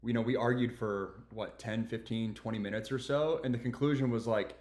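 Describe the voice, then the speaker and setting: A man co-hosting a podcast, calmly explaining his side of a story in a casual, reflective way, often repeating words. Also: medium pitch, brisk, echoey room. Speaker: podcast co-host, host's husband.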